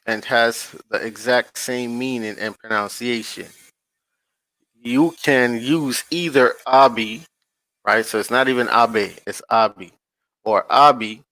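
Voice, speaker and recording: A man with a bright, forceful voice talks at a slow, deliberate pace while reading from a screen to his online audience. He stops often to check in with his viewers in relaxed slang. The sound is dry and close, with no room echo. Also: medium pitch. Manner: slow, drawn-out reading with frequent checks to the listeners; addresses viewers directly in casual slang. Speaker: online channel host. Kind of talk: casual commentary reading from a screen-shared page.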